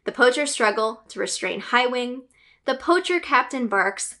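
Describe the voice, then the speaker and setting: A woman's voice: on the high side, lively intonation, normal speed, bright, forceful tone. A woman hosting a gaming news channel, giving an enthusiastic fan's casual recap with lots of fillers and giggles. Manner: chatty, with frequent fillers and giggles; enthusiastic fan.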